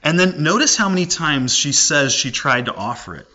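A man's voice: a little high, lively intonation, moderate pace, sharp tone, lo-fi sound. A man in his forties preaching a sermon in a conversational, folksy way with casual asides. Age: 40s. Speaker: pastor.

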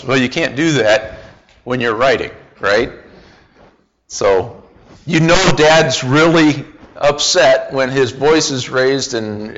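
A man teaching a Bible study lesson, speaking deliberately with frequent pauses and fillers, asking the group questions. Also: mid-range voice, fairly bright tone, muffled recording. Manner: asks the group questions and repeats answers.

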